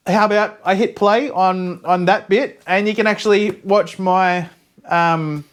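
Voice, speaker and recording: Man, high voice, slow pace, chatty vlog talk, repeats himself. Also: steady tone. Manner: chatty, repeats words as he talks. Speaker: acrylic pour artist vlogger. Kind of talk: casual vlog chat.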